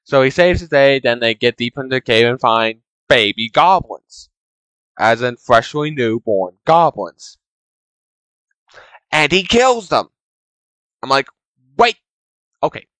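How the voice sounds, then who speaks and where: A man's voice: mid-range voice, sing-song, a little slow, pauses often, fairly bright tone, smooth, no room sound, poor audio. A man in a casual, rambling monologue, complaining in an exasperated way to his chat as a streamer.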